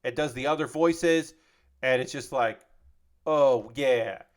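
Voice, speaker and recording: A man with a mid-range voice chats casually at a moderate pace on a live stream as he builds LEGO. He rambles, swears freely, and reads out chat messages.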